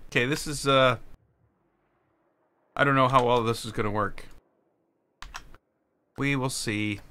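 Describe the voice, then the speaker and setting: A man streaming a game live and ranting at it in frustration, his voice bright and forward at a mid pitch. Keys clatter now and then behind him, over a faint hiss of background noise. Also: steady tone, unhurried.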